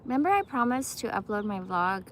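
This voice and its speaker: A woman's voice: mid-range voice, big pitch swings, brisk, a little hiss or hum. A woman in her forties chatting casually to her phone camera outdoors, rambling and slangy, profane, saying bro a lot. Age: 40s. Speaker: vlogger. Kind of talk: casual vlog chat. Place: outdoors in a park.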